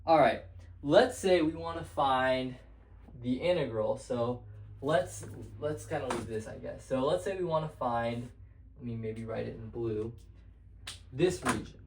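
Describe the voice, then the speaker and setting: A young man explains math at a whiteboard in a casual, meandering way, stopping and restarting his sentences. His voice sits at a middling pitch. The room around him rings with noticeable echo. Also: measured pace, a little hiss or hum. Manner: loose and rambling, with many fillers and restarts. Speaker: math tutor. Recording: echoey room.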